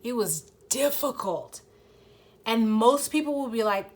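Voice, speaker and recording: A woman's voice: on the high side, expressive, a little slow. A woman giving a casual, earnest tarot reading to her viewers. She swears freely, uses many fillers, and fights back tears. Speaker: tarot reader.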